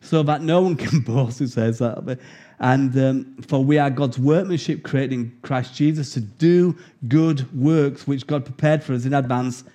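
A man with an English accent preaching a sermon, telling stories with laughter and reading scripture earnestly. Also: a little high. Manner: anecdotal storytelling, animated and laughing.

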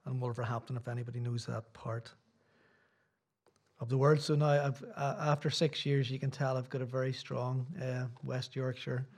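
A man's voice: medium pitch, little pitch movement, normal speed, a little mellow. A middle-aged Irish man, a visiting preacher, giving a sermon in a church with rambling, self-deprecating asides. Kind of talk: sermon with casual chat.

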